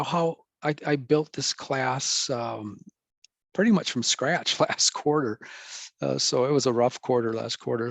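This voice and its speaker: A man's voice: medium pitch, no room sound. Rambling casual male professor, dry sound. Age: middle-aged. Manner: casual, rambling, self-correcting. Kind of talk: recorded lecture.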